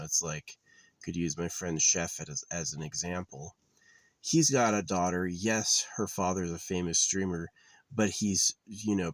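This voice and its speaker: A young man talking in a rambling, halting monologue, bitter and blunt, sometimes close to tears. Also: low voice, no room sound. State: tearful.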